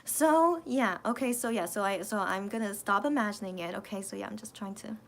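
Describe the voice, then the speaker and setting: A woman's voice: medium pitch, brisk, creaky, a little hiss or hum. A woman hosting a casual late-night livestream, reading viewer comments and thinking aloud hesitantly with many restarts. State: emotional, voice cracking near tears.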